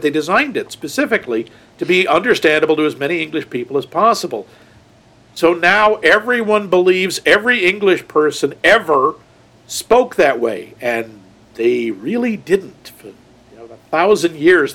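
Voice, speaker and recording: A man co-hosting a laid-back movie podcast. His voice sits a little high, and he talks with a loose, jokey ease. Now and then he slips into silly voices. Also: lively intonation, normal speed, a bit bright. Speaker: podcast co-host. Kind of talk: casual movie podcast chat.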